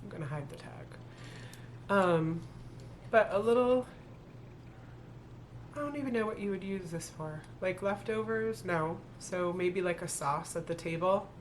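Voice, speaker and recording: Chatty woman vlogger, low voice. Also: unhurried, long pauses, slight background noise. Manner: chatty, thinking aloud, self-correcting. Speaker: thrift reseller vlogger. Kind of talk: casual haul video talk.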